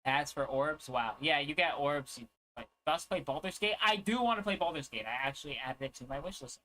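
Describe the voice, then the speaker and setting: Bright-voiced young male streamer. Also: a little high, a little fast, poor audio. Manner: rambling, joking, crude. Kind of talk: casual livestream chat.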